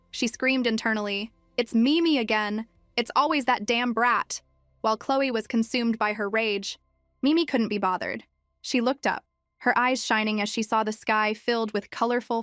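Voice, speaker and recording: A woman narrating a story recap in an even, measured storytelling manner. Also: fairly high pitch, dry recording.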